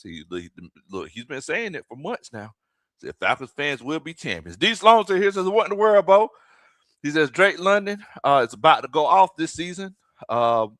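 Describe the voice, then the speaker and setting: A man, a former football coach hosting a casual sports livestream in a folksy, animated way, shouting out viewers by name. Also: medium pitch, no echo.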